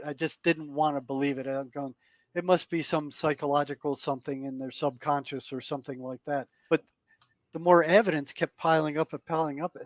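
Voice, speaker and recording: A man speaking as a podcast guest. He recounts past events in an earnest, halting way and often repeats words as he goes. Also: fairly high pitch, fairly even intonation, dry recording. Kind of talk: storytelling in conversation.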